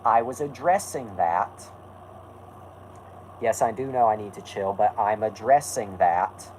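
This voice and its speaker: A man's voice: on the low side, unhurried, a little mellow, slight background noise, poor audio. A man hosting a live stream, talking casually and rambling, correcting himself and snapping back at his chat.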